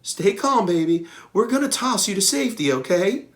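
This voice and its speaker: A man voicing a calm, motherly female elephant who leads the herd, speaking firmly and gently. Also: sits high, measured pace, voice pushed up. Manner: firm, gentle, in charge.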